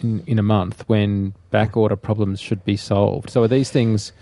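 Low, mellow male podcast co-host. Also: flat delivery, normal speed, gravelly, dry recording. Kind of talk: casual tech chat.

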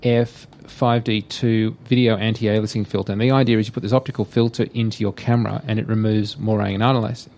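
A man's voice: fairly low pitch, flat delivery, fairly quick, few pauses, darkish tone. A middle-aged man co-hosting a podcast, giving frank, wry gear reviews with blunt verdicts. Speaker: podcast co-host.

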